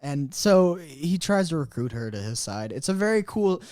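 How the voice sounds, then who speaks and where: A man's voice: on the high side, moderate pace, no echo, studio quality. A young man chatting casually on a podcast, retelling scenes with lots of animation. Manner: animated storyteller, acts out scenes in quoted voices. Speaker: podcast co-host. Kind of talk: casual chat.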